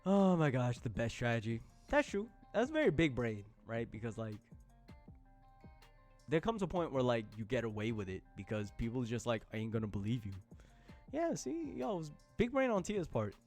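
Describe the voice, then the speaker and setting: A man streaming live, chatting casually with his viewers, laughing often and breaking into loud outbursts. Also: mid-range voice, sing-song, moderate pace, faint music behind. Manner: addresses chat as y'all, slangy.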